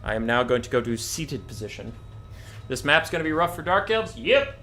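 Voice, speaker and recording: Bright, animated male game streamer. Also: mid-range voice, normal speed, slight background noise. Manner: animated, jokey storytelling. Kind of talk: casual game-stream commentary and storytelling.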